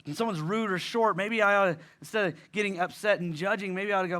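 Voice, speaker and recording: Male pastor, high bright voice; conversational sermon delivery, repeats lines for emphasis. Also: quick pace.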